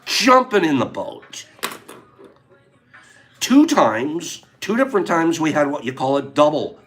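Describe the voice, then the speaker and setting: An older man hosting a casual talk, telling a fishing story in an animated way, acting out his friends' lines and chuckling as he goes. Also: fairly high pitch, unhurried, slight background noise. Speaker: host.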